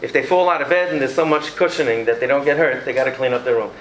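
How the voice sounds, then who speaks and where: A man's voice: mid-range voice, quick pace, echoey room, a little hiss or hum, poor audio. A man giving a lecture on parenting to an audience, acting out scenes with his children and taking questions. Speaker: educator giving a parenting talk.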